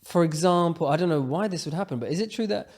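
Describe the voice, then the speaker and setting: A man's voice: fairly high pitch, expressive, fast, a little mellow. Young man asking hesitant questions. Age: young adult. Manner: tentative, hesitant questions with fillers. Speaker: guest. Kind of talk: casual interview conversation.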